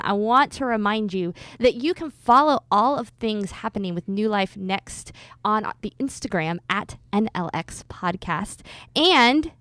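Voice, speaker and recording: Female podcast host, upbeat and bubbly, mid pitch, dry close sound. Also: fairly bright tone, no echo. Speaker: podcast host, church executive director. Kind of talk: podcast intro and banter.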